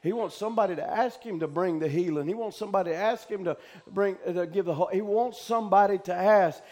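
A male preacher delivering a fervent sermon, shouting out loud cries and then dropping to hushed talk. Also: high-pitched, fast talker.

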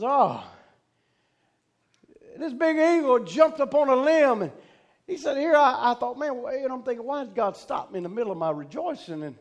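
A man with a strikingly high voice preaches a sermon. He tells his story in a folksy way, then builds to fervent shouts and calls out to the congregation.

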